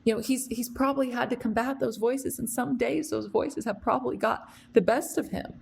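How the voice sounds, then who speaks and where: A young adult woman hosts a podcast in a slightly high, creaky voice at normal speed, with a little hiss or hum in the recording. Telling a reflective story, she rambles earnestly with plenty of fillers and restarts, becoming emotional and close to tears.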